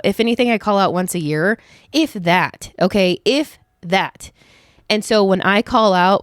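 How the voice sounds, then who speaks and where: A woman's voice: on the low side, clean tone, dry recording, studio quality. A young woman vlogger chatting casually to her viewers, telling a story with lots of fillers and quoted asides. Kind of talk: casual chat to camera.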